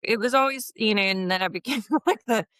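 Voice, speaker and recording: A woman's voice: a little high, brisk, a bit bright, smooth, dry recording, clean studio sound. A woman in her fifties, a guest in a casual interview, chatting about her HR consulting work and acting out quoted dialogue with laughs. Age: 50s.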